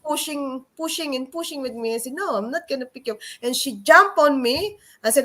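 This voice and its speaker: Woman, lively storyteller, slightly high voice, video call chat. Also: fairly quick, few pauses. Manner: animated, acts out quoted voices, non-native English. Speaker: co-host.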